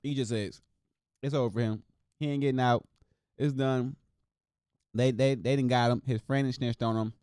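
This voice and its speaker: A man from Wisconsin hosting a casual solo show, reacting to scores and news in a loose, excitable, slangy way and talking straight to his viewers. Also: mid-range voice, normal speed, pauses often, clean tone, dry recording, clean studio sound. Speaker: host.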